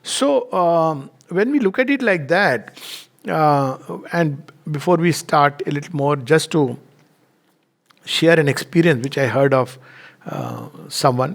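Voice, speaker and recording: Guy giving a spiritual talk, slightly high voice, gravelly, chuckles a lot. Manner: storytelling, unhurried, chuckles often. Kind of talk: reflective spiritual talk with anecdotes.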